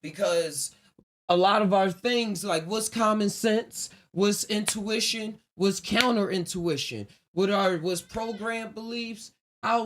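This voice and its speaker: There's slight background noise as a podcast host chats on his solo livestream. His voice sits high with a fairly bright tone, and he rambles casually and reflectively, often laughing.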